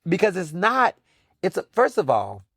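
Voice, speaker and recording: A man talks through his own solo podcast in a loose, chatty, slangy way, full of quick asides. His pitch swings widely up and down as he goes. The sound is close and dry, with no room around it. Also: wildly swooping pitch, creaky, a bit bright, no room sound. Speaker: podcast host. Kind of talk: casual solo podcast monologue.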